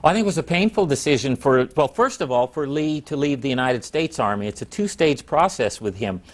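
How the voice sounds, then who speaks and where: Guy historian talking through his answers, measured and thoughtful, mid pitch. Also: lively intonation. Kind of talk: interview answers.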